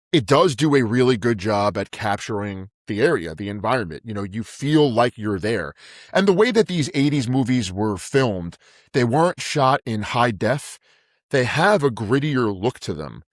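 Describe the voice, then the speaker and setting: A man's voice: medium pitch, expressive, measured pace, no room sound, clean studio sound. A man co-hosting a podcast, talking in an emphatic way, repeating words and calling his co-host "dude". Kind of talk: casual chat.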